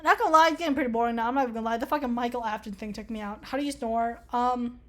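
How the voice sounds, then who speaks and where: A young woman vlogger talks very fast through an online quiz, reading it aloud with sarcastic asides, heavy swearing and frequent laughs. Her voice is on the high side and a bit bright.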